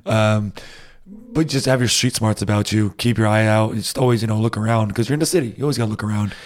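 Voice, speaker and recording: A man's voice: lowish voice, fairly even intonation, fast talker. A man co-hosting a casual podcast, chatty and giving advice. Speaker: podcast co-host.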